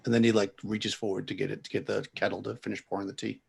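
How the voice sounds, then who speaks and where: A man running a tabletop game and narrating the scene. His voice is gravelly and husky, and he rambles and restarts as he describes the action. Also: lowish voice, level tone, fast. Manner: rambling, full of fillers and restarts. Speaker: game master.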